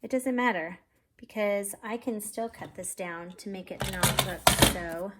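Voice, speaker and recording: A woman's voice: mid-range voice, measured pace, very noisy. A woman hosting a casual card-making tutorial, chatty and self-deprecating, talking straight to viewers while she works and sounding a bit out of breath.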